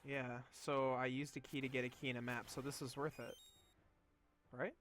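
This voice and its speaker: A man's voice: mid-range voice, level tone, normal speed, fairly bright tone. A young man streaming a game, chatting casually in a rambling, amused way full of fillers. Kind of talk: casual gameplay chat.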